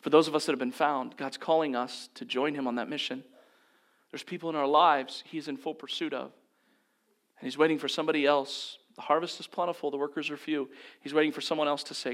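A pastor delivering a sermon at a church service, earnest and steady, building his points through repeated phrases. His voice sits on the higher side for a man. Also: moderate pace. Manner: earnest, repetitive preaching cadence. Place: church service, also streamed online.

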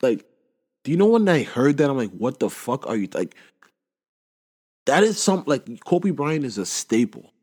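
Fairly high-pitched and sing-song, a twenties-aged man speaks a little slowly with long pauses, his darkish voice trailing a long reverb tail. He's hosting a podcast solo, shaken and upset, rambling on with constant "you know what I'm saying" fillers.

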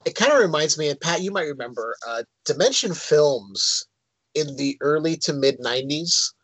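A man's voice: a little high, animated, normal speed, a bit bright, breathy edge, no echo. A man co-hosting a casual movie chat, making wry, joking asides. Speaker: podcast co-host.

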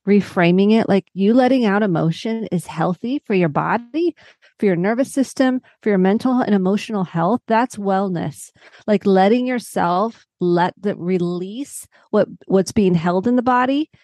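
A woman therapist, a guest on a podcast, speaking in a calm, reflective way. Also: medium pitch, normal speed, dry recording, studio quality. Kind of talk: casual podcast interview.

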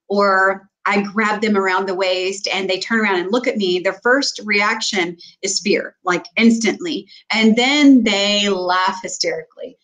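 A woman's voice: mid-range voice, a bit bright, rough recording. A woman co-hosting a casual talk show, telling stories with lots of fillers and restarts. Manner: storytelling with many fillers and restarts. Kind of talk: casual chat.

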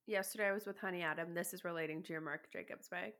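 A woman's voice: fairly low pitch, quick pace. A young woman co-hosting a podcast, chatting casually, swearing freely and acting out what others said. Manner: swears freely, quotes others in animated voices. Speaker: podcast co-host. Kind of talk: casual chat.

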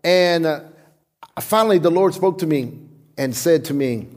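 A middle-aged pastor with a notably high voice preaches with emphatic force. He repeats key phrases over and over and pushes listeners to say lines back to him. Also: animated, measured pace. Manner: emphatic preaching with repetition and call-and-response. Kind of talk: sermon.

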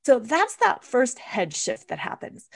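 A woman's voice: on the high side, measured pace, creaky. A woman in her fifties, a guest in an interview, telling stories and acting out her own thoughts. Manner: animated storyteller, acts out her own thoughts. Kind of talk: casual interview chat.

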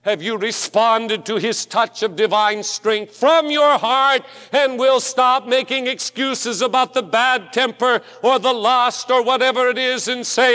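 A man preaching a sermon as pastor, with rising fervor and dramatic pauses. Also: high voice, bright, forceful tone. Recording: long hall reverb.

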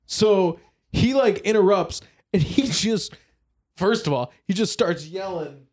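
High-voiced excitable man telling stories. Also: measured pace. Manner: excitable storyteller, laughs often, acts out quotes. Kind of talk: casual chat.

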